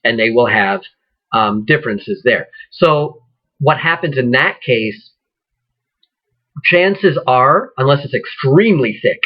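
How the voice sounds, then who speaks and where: A man's voice: mid-range voice, animated, slow pace. A man with a Midwestern accent, talking loosely to acting students, often restarting his sentences. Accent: Midwestern American. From American Midwest. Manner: loose, rambling, with frequent restarts. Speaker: acting teacher. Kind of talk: casual instructional talk. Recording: dull lo-fi recording.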